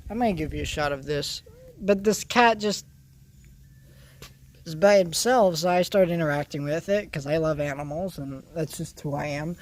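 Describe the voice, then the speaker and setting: A man's voice: on the high side, a little mellow. A man from California rambling casually in a vlog, with many restarts and fillers. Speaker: vlogger.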